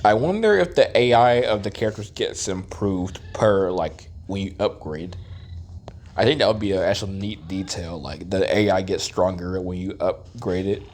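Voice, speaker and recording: A man with a somewhat low, stuffy, nasal voice talks through a video game as he plays. He muses aloud and wonders about the game's details, with plenty of filler words. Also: moderate pace, a little mellow. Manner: musing, thinking aloud with fillers. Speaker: gameplay commentator. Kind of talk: casual let's-play commentary.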